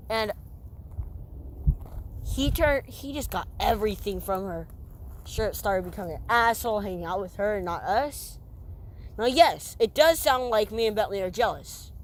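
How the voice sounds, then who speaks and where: A teenage girl hosting a casual podcast with a friend, rambling with lots of restarts and giggles. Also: mid-range voice. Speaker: podcast host. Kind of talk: casual chat between friends. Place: outdoors. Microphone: phone. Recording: faint outdoor background noise.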